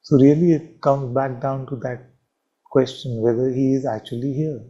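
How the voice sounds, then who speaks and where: A man speaks as a spiritual teacher at a satsang, his voice very dark and mellow at a middling pitch. He talks slowly and reflectively, leaving long pauses and repeating key phrases. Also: fairly even intonation, lo-fi sound. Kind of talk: satsang talk.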